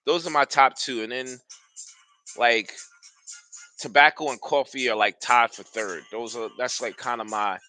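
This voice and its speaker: A man's voice: mid-range voice, fairly even intonation, unhurried, pushed and bright, no room sound, soft background music. A man hosting a casual live stream, talking loosely and enthusiastically straight to his viewers. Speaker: fragrance reviewer streaming live.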